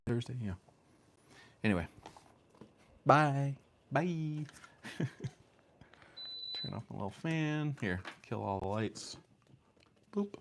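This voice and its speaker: A man with a very low voice talks casually on his home stream. He rambles, trails off and restarts, filling the gaps with ums. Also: background noise. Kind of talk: casual chat. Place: home room with fan and lights.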